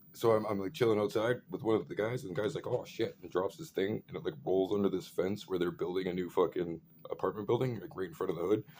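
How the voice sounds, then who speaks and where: Profane rambling man, low voice. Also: darkish tone, slight background noise. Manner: profane, rambling, full of fillers. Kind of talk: rambling rant monologue.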